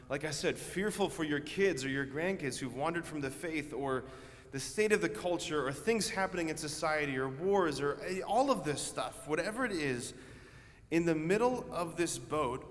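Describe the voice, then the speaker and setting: A Catholic priest preaching a homily in a conversational, earnest way, telling a story vividly. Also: male voice, on the high side, a bit bright, big-room sound.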